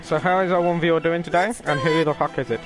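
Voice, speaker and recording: A man's voice: on the high side, fast talker, low-quality recording. A young man giving sweary, offhand let's-play commentary as a gaming streamer. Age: young adult. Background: game music.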